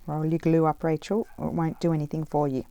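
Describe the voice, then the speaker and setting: A woman's voice: low voice, level tone, quick pace, warm tone. A middle-aged woman chatting casually while she crafts, rambling with many fillers. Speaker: craft vlogger. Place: home craft table, indoors.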